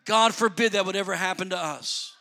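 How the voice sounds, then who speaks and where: A man preaching a sermon, swinging from soft, low asides to loud, fervent shouting. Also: brisk, creaky. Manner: shouting, building to fervent peaks.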